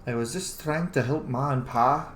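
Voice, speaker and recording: A man plays an excitable young male fox tinkerer in a tabletop game, talking eagerly and earnestly about his family. The voice stays near his own, with a roomy echo. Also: medium pitch, moderate pace, slight background noise, lightly acted. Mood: remorseful.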